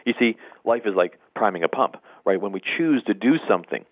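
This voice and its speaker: A man's voice: fairly low pitch, animated, brisk, no echo. A man hosting a motivational session on a conference call, telling a story in a folksy, conversational way and repeating phrases for emphasis. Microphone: phone. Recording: dull lo-fi phone line.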